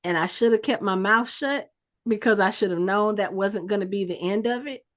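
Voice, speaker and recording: A woman hosting a podcast, recapping a TV episode in casual chat, telling it in an expressive, emotional way with casual fillers. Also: mid-range voice, moderate pace. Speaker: podcast host.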